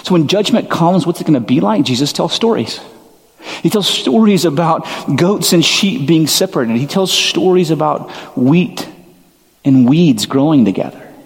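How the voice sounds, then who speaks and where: A man's voice: a little high, lively intonation, normal speed, long reverb tail. A male pastor preaching a sermon in a casual, earnest way, full of "like" fillers. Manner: conversational, filler-heavy, earnest.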